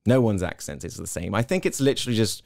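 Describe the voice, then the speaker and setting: A middle-aged man with an English accent, chatting as an interview guest and telling stories in a quick, animated way. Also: lowish voice, gravelly, no echo, studio quality. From Hong Kong-born, British. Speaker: interview guest, content creator. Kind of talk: casual interview chat.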